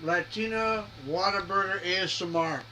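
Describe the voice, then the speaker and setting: Man, home streamer, relaxed jokester, high voice, noticeable background hiss. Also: normal speed. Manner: laid-back, joking. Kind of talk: casual livestream chat. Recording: noisy stream mic.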